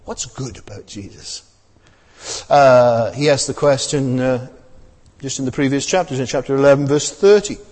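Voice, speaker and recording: A man's voice: medium pitch, normal speed, darkish tone, long reverb tail. A man preaching a sermon in a conversational way, full of tag questions and fillers.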